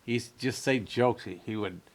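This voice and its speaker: A man's voice: medium pitch, fairly quick. A man in his late sixties, a comedian, chatting casually and telling rambling stories that he acts out with quotes. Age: 60s. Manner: rambling storyteller, fond of acting out quotes. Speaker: comedian guest. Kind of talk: casual chat.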